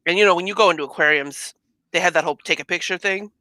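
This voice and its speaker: Bright-voiced woman chatting in a dry room. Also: on the low side, rapid-fire, dry recording, poor audio. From California. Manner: chatty, rambling anecdotes. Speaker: guest. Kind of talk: casual chat.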